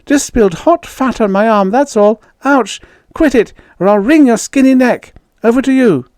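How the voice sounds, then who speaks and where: A man's voice: very high-pitched, normal speed, darkish tone, no room sound, studio quality, pitched above the performer's own voice. A man reading an audiobook, voicing a flustered young woman colonist who babbles and pants her lines. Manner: breathless, babbling.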